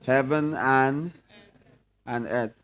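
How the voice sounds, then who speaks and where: A man's voice: mid-range voice, very slow, a bit bright, clear, resonant tone. Guy leading bible study, chatty, keeps asking the group stuff. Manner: conversational, asks the room questions. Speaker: pastor.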